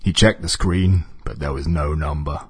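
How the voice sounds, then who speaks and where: Deadpan husky storyteller. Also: male voice, rumbling low, normal speed, no echo. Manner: deadpan, dry understatement. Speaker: narrator.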